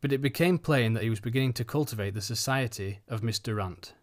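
A man's voice: medium pitch, quick pace. Man reading an audiobook aloud. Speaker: audiobook reader. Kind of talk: storybook narration.

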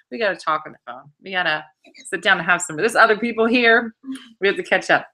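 A middle-aged woman hosts a live wine-tasting stream, speaking at a quick pace in a bright, forceful, medium-pitched voice. She chats casually, laughs, and reads viewer comments out loud.

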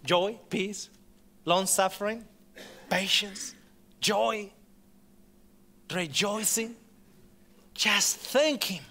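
A man delivering a sermon in a high, bright voice. He preaches with passion, repeating phrases for effect and dropping from loud to hushed and back. He speaks to a live audience in a hall. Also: very slow, long pauses.

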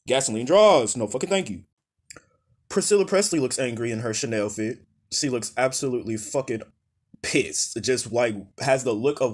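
A man's voice: mid-range voice, lively intonation, fairly quick, a little mellow, slightly rough. A man roasting red carpet outfits in blunt, profane rants, calling names over and over and telling people to go to hell. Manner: blunt, profane, exasperated rants with repeated name calls. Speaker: fashion critic.

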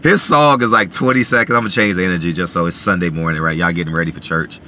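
A man vlogging casually from his parked car, animated and full of filler phrases like "you know what I mean". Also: deep voice, fast, slight background noise. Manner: animated, many filler phrases, repeats himself. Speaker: boxing vlogger. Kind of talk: casual talk to camera.

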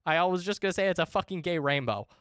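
A woman in her twenties, chatting casually and excitably with viewers while streaming a game, swearing freely. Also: fairly low pitch, fast, clear, resonant tone, no echo, studio quality. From United States. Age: 20s. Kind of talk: casual live-stream chat.

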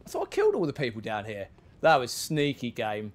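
Man, gameplay commentary, casual, animated pitch, self-mocking asides. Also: a little fast. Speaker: gaming video creator.

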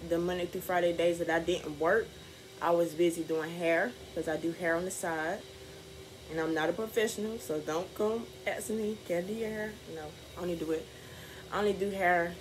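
A woman's voice: on the low side, background noise. A young woman talking casually to camera for her vlog, chatty, candid and upbeat. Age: young adult. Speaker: vlogger.

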